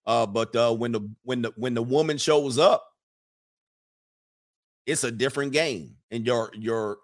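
A man hosts a casual livestream, reading out chat comments and answering them in an emphatic, conversational way. His voice sits at an ordinary middle pitch, and his talk is full of fillers and restarts. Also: unhurried.

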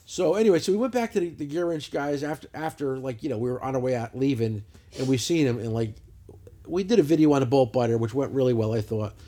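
A man's voice: medium pitch, fast talker, warm tone. A man hosting a casual podcast, a rambling storyteller who swears constantly. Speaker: podcast host. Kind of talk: casual chat. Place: lounge, lying on a couch.

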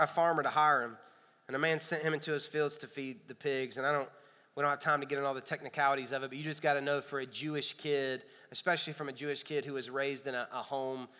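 Animated pastor telling stories in a reverberant hall. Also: male voice, mid-range voice. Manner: storytelling, animated, self-deprecating humor. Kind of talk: sermon. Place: church sanctuary.

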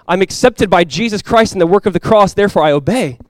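Speaking fast in a slightly high register, a young pastor gives a sermon in a casual, talky style, leaning heavily on "like." He drops into soft, heartfelt lows, then rises to loud, energized highs. The mic is close, and the sound is dry with no echo.

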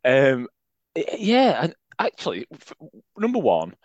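A chatty man co-hosts a casual podcast and laughs easily. His voice sits at a middling pitch. It sounds dry and slightly dull. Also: wildly swooping pitch, unhurried, no echo. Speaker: podcast co-host. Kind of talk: casual chat.

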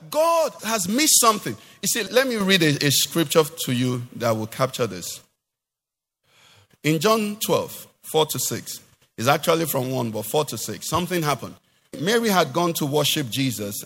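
A man, a pastor preaching a sermon in an animated way and putting rhetorical questions to his congregation. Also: fairly high pitch, in a large hall.

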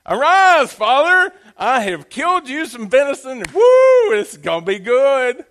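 A man voicing a rough hunter son who shouts his words with excitement. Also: a little high, normal speed, heavily acted. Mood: eager.

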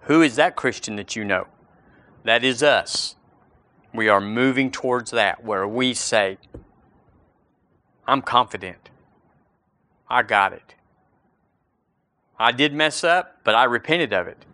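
A man preaching a sermon, slowing down for scripture and rising on key words. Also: mid-range voice, animated, bright, forceful tone, no room sound.

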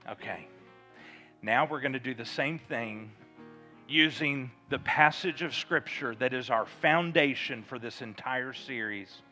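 A pastor with a medium-pitched voice preaches a sermon, leading his congregation through call-and-response and prayer. His emphatic delivery builds to loud fervor.

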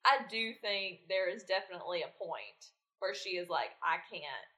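A woman's voice: medium pitch, animated, normal speed, pushed and bright. A woman co-hosting a podcast, chatting casually and giving opinions on a TV show. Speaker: podcast co-host. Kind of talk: casual chat about a TV show.

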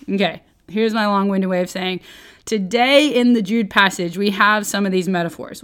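Woman, podcast host, devotional teaching, chatty, rambling, restarts mid-sentence. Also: mid-range voice. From Oklahoma, United States. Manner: chatty, rambling, self-interrupting.

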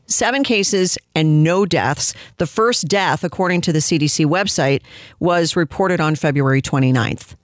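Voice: mid-range voice, no room sound, clean studio sound. A political commentator giving indignant, sarcastic opinion commentary on a press clip. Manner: indignant, sarcastic, mocks quoted voices.

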